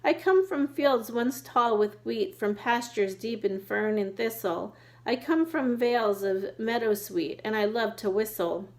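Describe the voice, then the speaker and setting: A woman voicing a tiny, gentle female songbird who speaks softly and courteously. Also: on the high side, unhurried, hardly any pauses. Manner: soft and courteous.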